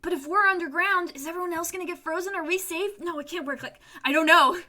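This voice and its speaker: A woman hosting a game playthrough, reacting with excited exclamations. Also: very high voice, fast talker. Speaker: let's play host. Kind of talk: reacting while playing a game.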